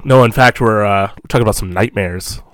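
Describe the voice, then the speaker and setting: A man's voice: on the low side, a little fast, a bit bright. A young man co-hosting a movie podcast, rambling and laughing in casual chat. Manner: giggly, rambling, enthusiastic. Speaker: podcast co-host.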